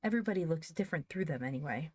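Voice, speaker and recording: A woman voicing an eager, excitable young girl in a storybook reading, her lines gushing and breathless. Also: low-pitched, very fast, slightly rough, no echo. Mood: overjoyed.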